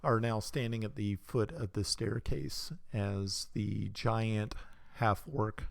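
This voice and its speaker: A male game master narrating a tabletop game at a slow, unhurried pace. He hesitates often and fills gaps with fillers, in a dry, close recording. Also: on the low side, steady tone, gravelly, no echo.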